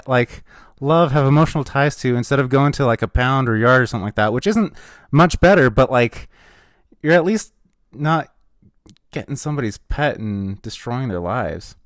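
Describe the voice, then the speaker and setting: A man's voice: medium pitch, clean tone, no room sound, clean studio sound. A man reviewing comics in a casual chat, emotional and hesitant, often trailing off.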